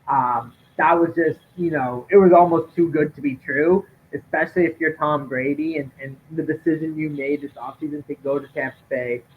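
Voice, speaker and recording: Man, casual home live stream, chatty, lots of fillers, lo-fi phone-like sound, faint hiss. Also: a little high. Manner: chatty, relaxed, frequent "um" fillers. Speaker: co-host of a live draft stream. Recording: tinny lo-fi stream audio with faint noise.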